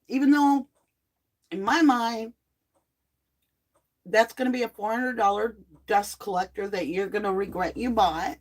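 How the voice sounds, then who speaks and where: A middle-aged woman chats casually into a home desk mic. She is blunt and animated, and she throws in lively asides. She sounds a little sick from a cold and cough medicine. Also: medium pitch, a little slow, a little hiss or hum. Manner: chatty, blunt, animated asides and mock quotes. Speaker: host of a live true crime tarot chat. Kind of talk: casual livestream chat.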